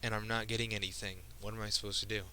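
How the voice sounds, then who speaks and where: A man's voice: on the low side, flat delivery, pushed and bright, slight background noise, low-quality recording. A young man in his teens speaking in a personal vlog monologue. He sounds emotional and earnest, stops and restarts often, and stumbles over his words. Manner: earnest, halting, frequent restarts. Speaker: video creator.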